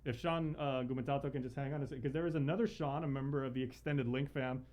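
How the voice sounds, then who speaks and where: A man's voice: medium pitch, steady tone, fast, darkish tone. A man co-hosting a morning radio show, easygoing as he reads out listener comments. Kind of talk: casual morning show banter.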